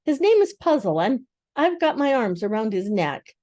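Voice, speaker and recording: Figure: brave young girl, read by an older woman. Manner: eager, pleading. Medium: storybook reading. Sound: dry. Tone: mellow. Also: fairly high pitch, big pitch swings, moderate pace, dry recording.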